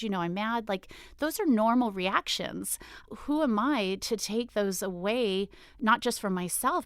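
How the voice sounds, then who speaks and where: A middle-aged woman in a candid interview, talking loudly and emotionally as she tells lively stories from her work in politics. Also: medium pitch, no room sound, studio quality. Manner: loud, emotional, animated storytelling. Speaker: state assemblywoman, guest.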